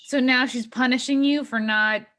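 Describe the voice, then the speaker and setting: A woman's voice: high-pitched, fairly even intonation, fairly bright tone. A woman hosting a podcast in casual chat, chiming in supportively and relating with her own experience. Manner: supportive, quick interjections, relates with own stories. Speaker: podcast host.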